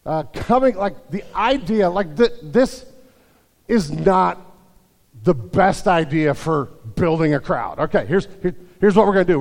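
A man's voice: high-pitched, a little mellow, big-room sound. A male pastor preaching a sermon in a church, telling stories with jokes and frequent restarts. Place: church sanctuary.

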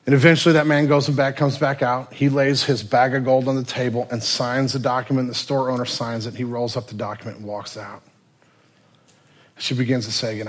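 A man preaching a sermon and telling a story, moving from loud passages to near whispers. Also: mid-range voice, level tone, fairly quick. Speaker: pastor.

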